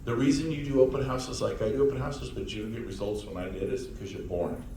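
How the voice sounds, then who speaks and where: A man gives a lively motivational talk to a room of listeners, now and then acting out other people in loud mocking voices. He sounds far from the microphone, and his voice rings in a very echoey room. A faint hum of room noise sits underneath. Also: medium pitch, quick pace. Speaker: real estate speaker. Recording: echoey room heard from a distance.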